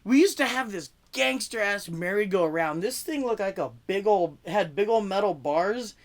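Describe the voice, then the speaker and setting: A man's voice: high voice, animated, moderate pace. A man doing a rambling, casual stand-up comedy set over a video call, full of "like" fillers and restarts. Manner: rambling, conversational, heavy on fillers like "like". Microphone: video call mic.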